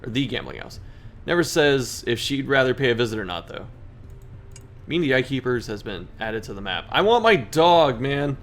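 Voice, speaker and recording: A man's voice: medium pitch, normal speed, fairly bright tone. A man hosting a gaming video, reading in-game story text aloud and commenting on his turns, poking fun at his own mistakes. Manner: self-deprecating, laughs at own mistakes.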